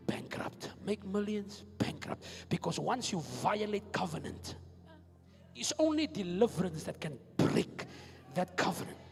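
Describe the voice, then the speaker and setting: A male pastor with a South African accent preaching a fiery sermon, moving between hushed asides and shouted declarations. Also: high-pitched, big-room sound. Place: church hall.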